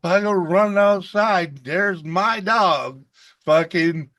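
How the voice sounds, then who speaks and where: A man's voice: sits high, slow, fairly bright tone. A man hosting a casual video call chat, rambling through a profane story and laughing often. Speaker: host.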